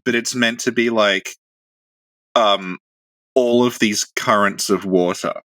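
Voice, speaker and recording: A man's voice: deep voice, sharp tone, no echo. A man co-hosting a podcast in casual chat, explaining things and teasing his co-host with dry humor.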